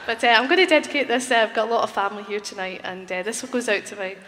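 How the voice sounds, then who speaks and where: A woman's voice: medium pitch, racing, noisy background. A woman from Glasgow, a musician introducing a tune live, chatty and teasing with many fillers, in a concert hall. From Glasgow, Scotland. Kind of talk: live stage banter. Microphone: stage microphone. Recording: live hall with crowd and long reverb.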